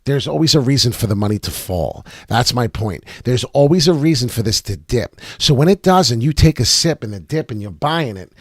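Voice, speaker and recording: A man's voice: medium pitch, lively intonation, brisk, few pauses, breathy edge, no room sound, studio quality. Brash, profane male crypto hype host. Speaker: crypto chart analyst and show host. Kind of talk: casual livestream market commentary.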